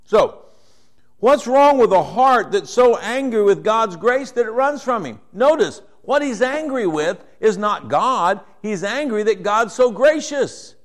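Man, middle-aged, pastor, sermon, conversational and animated, somewhat high pitch. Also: a little slow. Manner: conversational, rising to animated when voicing characters.

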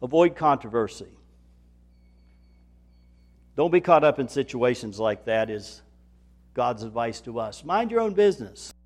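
A man preaching a sermon in a folksy manner, building to loud, emphatic repetition. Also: medium pitch, sing-song, measured pace, pauses often. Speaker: pastor.

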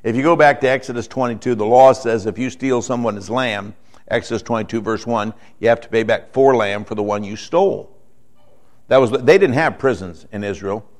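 A man preaching a sermon in a conversational way, often checking in with the room and moving between quiet explanation and emphatic points. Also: medium pitch, moderate pace. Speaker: pastor.

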